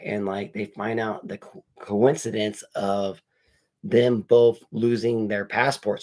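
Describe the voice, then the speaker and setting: Low-pitched and creaky with a darkish tone, a movie reviewer rambles through a spoiler-heavy recap of a horror film as he unboxes comics. His storytelling is profane and peppered with quoted dialogue from the characters.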